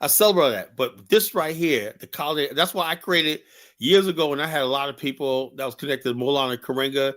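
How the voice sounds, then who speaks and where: A man hosts a livestream show, offering casual commentary in a blunt, rambling way and saying "you know" a lot. His voice is fairly high-pitched with a sharp tone.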